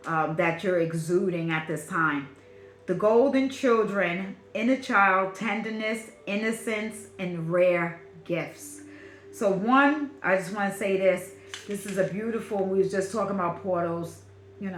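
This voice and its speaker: A woman with a Brooklyn accent gives a spiritual reading, repeating and stretching her phrases with warm emphasis. Her voice sits at an everyday middle pitch. It rings in a roomy space over a faint background hiss. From Brooklyn, New York. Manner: repetitive, affirming, drawn-out and emphatic. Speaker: spiritual reader.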